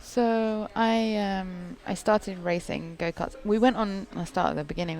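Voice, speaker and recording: Gravelly-voiced Englishwoman telling stories. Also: on the low side, steady tone, moderate pace, hardly any pauses, a little mellow. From England. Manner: chatty storytelling, laughs often. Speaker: racing driver guest. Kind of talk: casual dinner chat. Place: restaurant dinner table.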